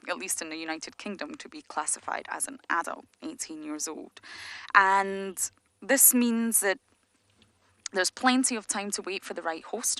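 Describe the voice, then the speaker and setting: A woman with a fairly low voice guides a live safari drive outdoors from an open vehicle. She explains animal behaviour with enthusiasm and drops to a hushed whisper when the animals are close. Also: dry recording.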